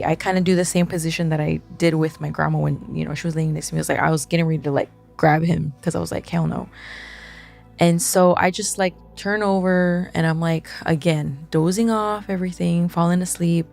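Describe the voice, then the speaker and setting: A woman telling a ghost story in a casual, animated way, acting out the quotes and swearing as she goes. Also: fairly low pitch, a little fast, vocal fry, soft background music. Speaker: guest.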